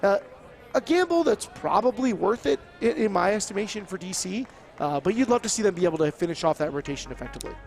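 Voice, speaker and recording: A man's voice: high-pitched, lively intonation, fast talker, gravelly, soft background music. A man giving sports color commentary, breaking plays down step by step in a wordy way with frequent restarts.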